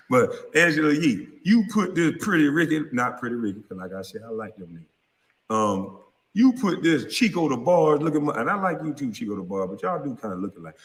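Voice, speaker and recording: A man in his thirties rants angrily on camera, cursing and calling people out. His voice is bright and forceful, and it rings out with a long reverb. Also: medium pitch. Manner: angry, cursing, confrontational. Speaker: vlogger. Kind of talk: profane heated rant.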